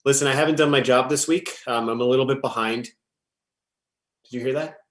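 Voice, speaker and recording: Male improviser as a harried, self-correcting space log keeper; middling pitch, roomy echo. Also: steady tone, normal speed, a bit bright, lightly acted. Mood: flustered. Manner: rambling, distracted, self-correcting. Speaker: improv performer playing a space station host. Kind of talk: improvised sci-fi comedy. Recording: echoey room with faint music.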